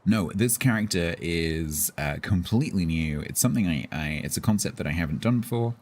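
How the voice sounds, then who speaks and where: A man chats loosely with his stream audience, often restarting his sentences and chuckling. His voice sits very low and has a husky edge. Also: animated, fairly quick, a little mellow. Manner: rambling, self-interrupting, chuckles often. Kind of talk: casual chat with viewers.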